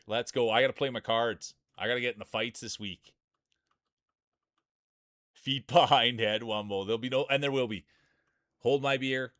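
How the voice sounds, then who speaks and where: A man's voice: mid-range voice, smooth, no room sound, clean studio sound. A man hosting a live marble-race stream, giving casual, joking commentary and greeting viewers, laughing often. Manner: jokey, excitable, laughs often while talking. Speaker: streamer and game host.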